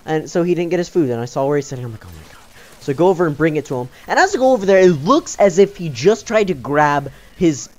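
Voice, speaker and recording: A man's voice: a little high, lively intonation, fast, hardly any pauses, darkish tone. A young man telling a story in a casual vlog, rambling with many fillers and sounding exasperated. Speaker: YouTuber.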